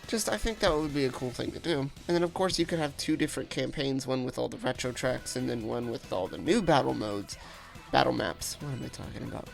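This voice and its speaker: A man hosting a casual gaming video, rambling excitedly through his ideas with lots of filler words. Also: mid-range voice, a little fast, gravelly, soft background music. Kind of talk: casual gaming predictions vlog.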